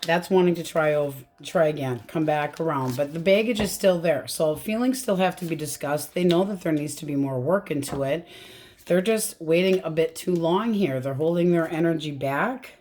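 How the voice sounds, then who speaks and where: A woman's voice: low-pitched, moderate pace, darkish tone, slight background noise. Blunt, chatty woman reading tarot. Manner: chatty, blunt, swears freely. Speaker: tarot reader.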